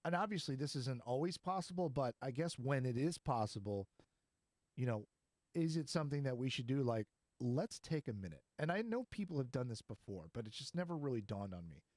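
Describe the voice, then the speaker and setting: A man hosts a podcast in an easy, meandering chat, often breaking into laughter. His voice sits at an ordinary middle pitch. The sound is dry and close, with no room around it. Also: lively intonation, brisk, a little mellow, no room sound. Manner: chatty and rambling, laughs easily. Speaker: podcast host. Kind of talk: casual chat.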